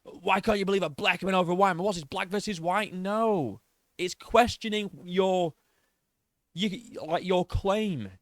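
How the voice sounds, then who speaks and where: A man's voice: high-pitched, a little slow, no room sound, studio quality. A man giving a mocking, profanity-laced reaction commentary on a video clip. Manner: mocking, sarcastic, swears freely, laughs at the clip.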